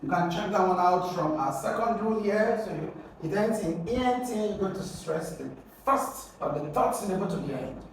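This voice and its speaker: High-voiced male teacher in echoey room. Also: lively intonation, normal speed, few pauses, a little hiss or hum. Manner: drills syllables, asks rhetorical questions. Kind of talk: exam-prep lesson. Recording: very echoey room, mic at a distance.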